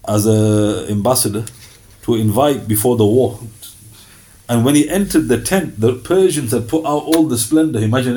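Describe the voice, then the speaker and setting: A man giving a lively, conversational sermon and often slipping into quoted voices. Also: mid-range voice, rough recording. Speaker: Islamic preacher.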